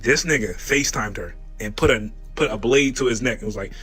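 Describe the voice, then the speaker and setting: A man's voice: medium pitch, fairly quick, pushed and bright, breathy edge, faint music behind. A man telling a profane anecdote in laid-back casual talk. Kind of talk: casual storytelling.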